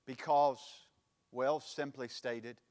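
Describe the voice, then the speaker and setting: A male pastor preaching a sermon, with a preaching cadence that swells into sudden loud emphatic lines. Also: mid-range voice, fairly even intonation, slow, big-room sound.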